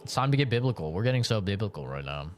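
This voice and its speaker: A man's voice: fairly low pitch, sing-song, rapid-fire, soft background music. A young man streaming a video game, telling stories in a laughing, sarcastic, casual way. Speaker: livestream gamer.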